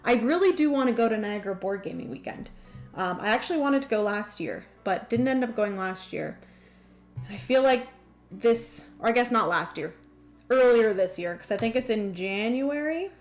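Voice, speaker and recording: An excitable young woman hosts a livestream, chatting casually and laughing often as she greets viewers. Her voice sits a bit high, and faint music plays quietly behind her. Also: moderate pace. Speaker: livestream host. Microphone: desk microphone.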